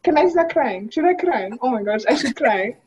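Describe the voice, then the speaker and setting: A woman hosting a casual podcast chat, animated and playfully teasing her guests. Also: high voice, moderate pace, slightly rough. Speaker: podcast host. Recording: muffled lo-fi audio.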